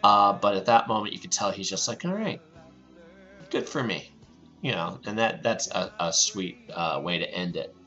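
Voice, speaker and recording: A man's voice: sits low, steady tone, moderate pace, few pauses, bright, forceful tone, muffled recording, faint music behind. A middle-aged man hosting a podcast, chatting casually and enthusiastically as he recaps an episode, often repeating phrases of delight. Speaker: podcast host.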